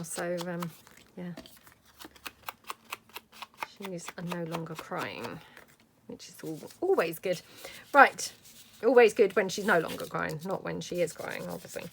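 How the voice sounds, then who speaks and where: Middle-aged woman, gravelly, easygoing crafting chatter. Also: lowish voice, measured pace, long pauses, noisy background. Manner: chatty, thinks aloud while working. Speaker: craft vlogger. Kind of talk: casual crafting tutorial chat.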